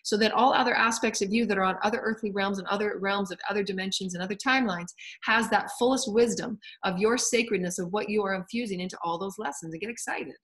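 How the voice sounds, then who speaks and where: Woman, spiritual speaker, fervent and repetitive, mid-pitched voice, drops soft for emphasis. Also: fast, few pauses. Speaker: spiritual channel. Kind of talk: inspirational spiritual address.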